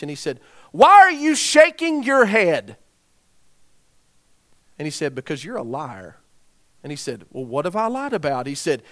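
A man preaching a sermon, dropping to quiet, grave emphasis and rising to loud shouts as he tells a story. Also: mid-range voice.

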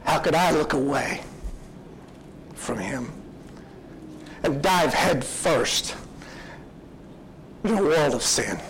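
A man's voice: a little high, expressive, takes it slowly, pauses often, a bit bright, slight background noise, rough recording. A man preaching a sermon, retelling a story in an earnest, reflective way.

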